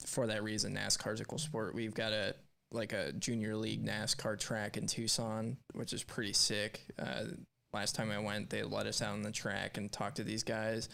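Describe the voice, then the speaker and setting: A man with a low, gravelly voice co-hosts a live stream in an easygoing chat. He reads viewer messages aloud and talks in a rambling, candid way. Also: monotone, moderate pace, few pauses, pushed and bright. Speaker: co-host of a live stream show. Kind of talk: casual chat.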